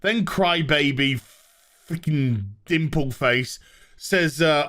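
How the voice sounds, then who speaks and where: High, animated sarcastic man ranting. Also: a little slow. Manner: sarcastic, exasperated, profane. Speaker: TV show reviewer. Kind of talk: comedic rant recap.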